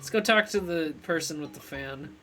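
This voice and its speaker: A man's voice: a little high, normal speed, bright, forceful tone, faint music behind. A man streaming a video game live, chatting playfully and reading the game's text aloud as he goes.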